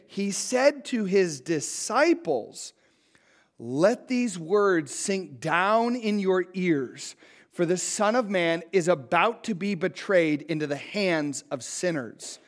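High-voiced pastor preaching. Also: male voice. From United States. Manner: conversational teaching, asks the listeners questions. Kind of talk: expository sermon, reading and explaining scripture.

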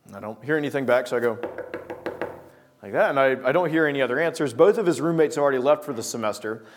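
A man telling a personal story with lively acted-out scenes, then drawing a devotional lesson from it. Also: mid-range voice, quick pace, background noise. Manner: lively storyteller, acting out scenes, often restarting words. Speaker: speaker telling a story to make a life lesson. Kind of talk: anecdote-driven devotional talk.

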